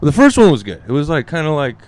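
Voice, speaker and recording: A man's voice: wildly swooping pitch, fast talker, darkish tone. A young adult man, a guest comedian, tells a story in casual chat, rambling with fillers and acting out quotes. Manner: rambling, many fillers, acts out quotes in a higher voice.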